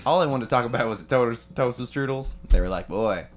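A man of middle pitch rambles through an improvised comedy bit. His delivery stays deadpan and loose, with asides trailing on. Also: fast talker. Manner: rambling, deadpan, breaks into laughter. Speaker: comedy podcast host.

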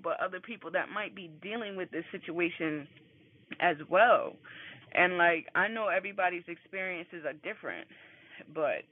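A man hosting a casual motivational morning talk, candid and emphatic, swearing freely, speaking from his car on the way to work. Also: sits high. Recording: phone-like line with faint road noise.

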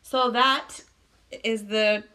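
A woman's voice: a little high, fairly even intonation, drawn-out words, sharp tone. A woman co-hosting a podcast, casually recounting a crime story with lots of fillers and frank swearing. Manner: filler-heavy, swears freely, laughs often. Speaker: podcast co-host. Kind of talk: casual true-crime chat.

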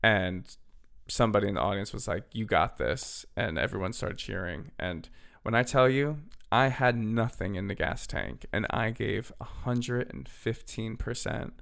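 Chatty young man with a gravelly voice. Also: fairly low pitch, a little slow, fairly bright tone. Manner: chatty, filler-heavy, "literally" and "like". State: slightly hoarse, losing his voice. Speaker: podcast host. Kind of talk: casual storytelling.

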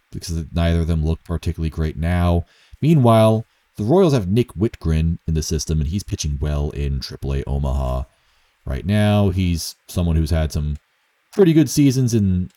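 Low, mellow-voiced young man rambling. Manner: rambling and self-mocking, with fillers and chuckles. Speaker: baseball commentator. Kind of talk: casual solo commentary.

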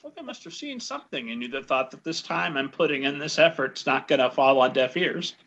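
A male interviewer with a gravelly edge and a sharp, bright tone. He eases into questions hesitantly and laughs often. The sound is muffled and lo-fi. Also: medium pitch, expressive, fairly quick. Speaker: interviewer, podcast host.

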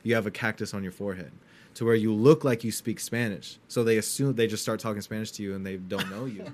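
A man's voice: lowish voice, steady tone, quick pace. Swearing, easygoing young man. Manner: loose, swearing, storytelling with laughs. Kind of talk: casual chat.

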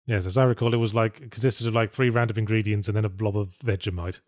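A man's voice: lowish voice, fairly even intonation, fast talker, no echo. A man co-hosting a casual podcast chat, talking with dry, wry humor. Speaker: podcast co-host.

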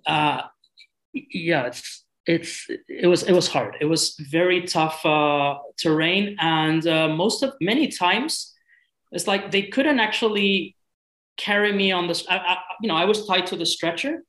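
A man from Europe, a guest telling a story in a casual, halting way, often repeating words and restarting. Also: high voice, a bit bright, rough recording.

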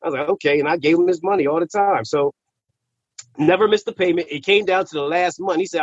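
A man telling a personal story in casual, profane slang, animated and repeating words when he gets worked up. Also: on the high side, quick pace, husky, no echo. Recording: slightly muffled recording.

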